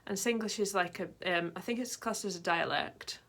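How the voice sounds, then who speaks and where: Rambling woman, lowish voice. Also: moderate pace, a bit bright. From Britain. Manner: rambling, goes off on tangents, many "like" fillers. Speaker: vlogger. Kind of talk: casual chat to camera.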